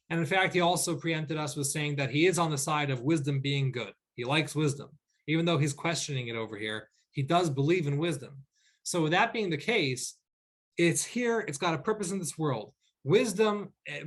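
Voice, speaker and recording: Higher-voiced rabbi teaching over a video call. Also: male voice, a bit bright. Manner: explanatory, repeats "okay?" and "right?" to check in; reads verses slowly in Hebrew, then translates. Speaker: rabbi teaching a weekly class. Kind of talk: online class teaching.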